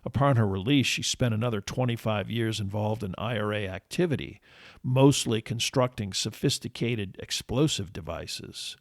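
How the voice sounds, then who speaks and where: Male podcast narrator, steady measured read, slightly low pitch, dry booth sound. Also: no echo. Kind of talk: scripted history narration.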